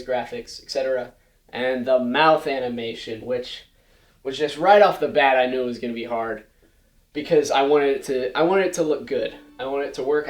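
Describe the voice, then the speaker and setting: Chatty teenage boy presenting, roomy echo. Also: mid-range voice. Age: late teens. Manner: chatty, explanatory, with frequent "like" and "so". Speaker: student presenter. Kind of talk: casual slideshow presentation. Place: school presentation room. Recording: roomy echo with faint music.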